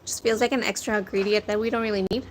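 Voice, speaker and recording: A woman's voice: mid-range voice, steady tone, quick pace. A young woman chatting casually to her viewers as a food vlogger, telling stories, swearing now and then and laughing often. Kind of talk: casual chat to a live audience. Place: outdoors near a corner store. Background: wind and birds.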